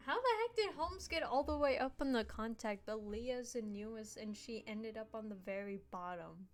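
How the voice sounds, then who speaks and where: A woman's voice: on the high side, expressive, moderate pace, faint music behind. A woman streamer giggling and swearing casually as she reads game text aloud. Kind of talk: casual let's-play commentary.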